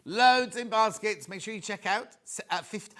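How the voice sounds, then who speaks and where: A man presenting on a TV shopping channel, chatting excitedly and tossing quick asides to viewers and crew. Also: sits high. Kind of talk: live TV selling chat.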